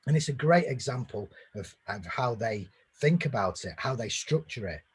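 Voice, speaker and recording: A man's voice: medium pitch, expressive, normal speed, slightly rough. A man giving a conversational marketing presentation, explaining at length with fillers and restarts.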